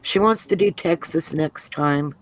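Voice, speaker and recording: A woman's voice: deep voice, a little slow, rough recording. A woman from Georgia co-hosting a craft live stream, reading viewer comments aloud. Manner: relaxed, reads out comments.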